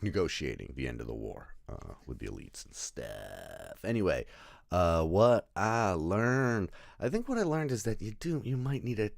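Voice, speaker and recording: A man's voice: sits low, creaky, dry recording. Male film reviewer, casual and rambling, full of restarts and swearing, recorded very dry. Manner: rambling, self-interrupting, laughs at own jokes, swears.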